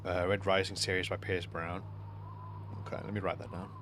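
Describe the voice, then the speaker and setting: A young man streaming a game, chatting casually and rambling through a story with lots of fillers and restarts, sometimes dropping to quiet mumbled asides. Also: deep voice, flat delivery, moderate pace, background noise. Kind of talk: casual chat while gaming on stream.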